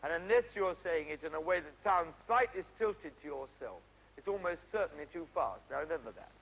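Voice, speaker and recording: A man directing actors at an outdoor play rehearsal, stopping them briskly to correct their delivery and staging. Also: on the high side, lively intonation, slightly rough. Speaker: drama teacher directing a rehearsal. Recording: dull, faintly noisy 1970s archive recording.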